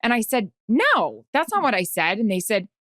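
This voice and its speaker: Anxious, animated woman storyteller. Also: on the high side, normal speed, no echo, studio quality. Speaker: podcast co-host and sideline reporter. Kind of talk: casual chat.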